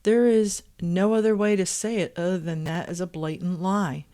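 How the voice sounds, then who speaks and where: A woman's voice: lowish voice, steady tone, normal speed, dark tone. Indignant woman reading with commentary. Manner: indignant, pointed; sings chorus snippets. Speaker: channel host reading forum posts.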